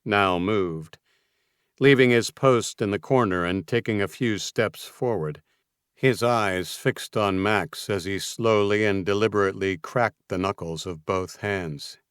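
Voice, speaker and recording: A man narrating a thriller audiobook in a measured, tense delivery. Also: fairly low pitch, fairly bright tone, clean tone, dry recording, studio quality.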